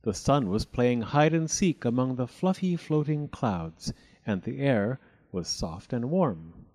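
A man's voice: mid-range voice, takes it slowly. Man reading a children's story aloud. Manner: animated, expressive reading.

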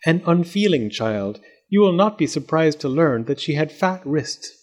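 A man's voice: fairly high pitch, very animated, normal speed, pitched above the performer's own voice. A man voicing a prim, genteel old-fashioned female doll in a storybook reading, speaking formally and ceremoniously with a faint melancholy. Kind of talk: storybook read-aloud.

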